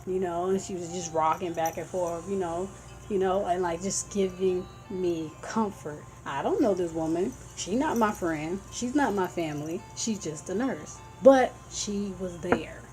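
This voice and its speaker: Faint music underlies this rough recording of a woman whose voice is on the low side, darkish, and measured in pace. Vlogging casually about epilepsy awareness, she rambles slightly in an earnest, heartfelt way as she describes warning signs.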